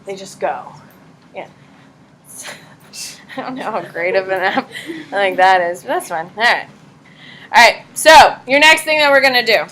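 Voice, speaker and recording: A woman teacher giving a chatty, animated classroom lecture, often checking in with her students. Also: high-pitched, slight background noise. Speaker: high school teacher. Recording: roomy classroom echo.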